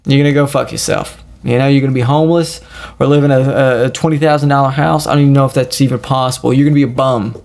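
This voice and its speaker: A man talks through a solo podcast in a crude, profane, rambling rant. His voice sits at an ordinary pitch, with a gravelly rasp running through it. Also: steady tone, fast talker, darkish tone. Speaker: podcast host.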